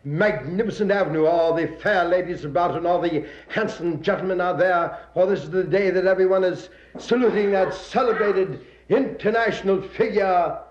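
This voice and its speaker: Comic monologue man: high, lively announcer voice, roomy old lo-fi sound. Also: moderate pace, hardly any pauses, noisy background. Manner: announcer patter with shouted cheers. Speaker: comedian. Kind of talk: comic parade commentary monologue. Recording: roomy dull old recording.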